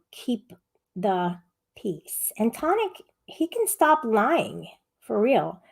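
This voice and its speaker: This live-stream panel host is a woman of medium pitch who chats in a relaxed way. Reading viewer comments aloud, she scolds the audience in a rambling, sharp manner.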